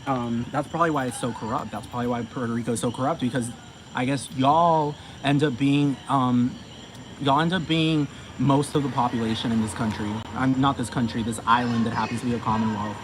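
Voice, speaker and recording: Brisk, with fairly even intonation, a medium-pitched commentator launches into a profane, emphatic rant full of repetition. The recording is noisy, with vehicle sounds behind him.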